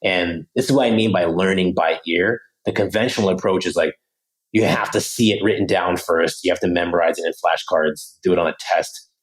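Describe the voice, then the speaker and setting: An American man, a guest on a podcast, explaining his method in a lively, casual way and often checking in with "right?". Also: sits low, rough recording. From United States. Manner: animated, lively teaching, keeps checking in with "right?"; casual slangy delivery with many "like" fillers. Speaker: podcast guest, language coach.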